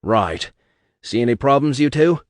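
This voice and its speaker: A man's voice: medium pitch, animated, normal speed, dry recording, clean studio sound, voice pushed up, close to an everyday voice. A man voicing a plain-spoken, protective husband with a blunt, easygoing way of talking.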